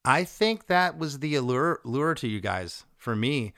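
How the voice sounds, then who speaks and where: An energetic man hosts a relaxed music conversation, picking apart a song section by section. He quotes lyrics in playful voices and sounds close and dry on the mic. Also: mid-range voice, measured pace, no room sound. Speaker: podcast host. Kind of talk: casual music chat, breaking down a song.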